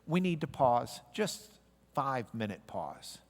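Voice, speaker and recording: A man's voice: medium pitch, measured pace. A man teaching a Bible literacy class, joking and quizzing his audience as he goes through the letters. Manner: jokey, animated teaching with audience call-and-response. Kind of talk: classroom lecture. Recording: echoey hall recording.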